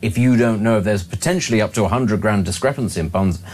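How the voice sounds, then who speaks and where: A man giving brisk political commentary, acting out politicians' voices in quotes. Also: on the low side, darkish tone, slightly rough. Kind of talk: opinionated political talk.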